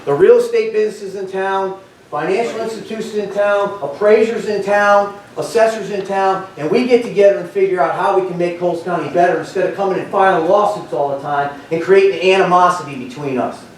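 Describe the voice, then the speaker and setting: A man's voice: high voice, steady tone, brisk. A man giving an impassioned, confrontational public comment to a county board, stumbling over and repeating his words as he presses his point. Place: county board meeting room. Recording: echoey meeting hall from far off.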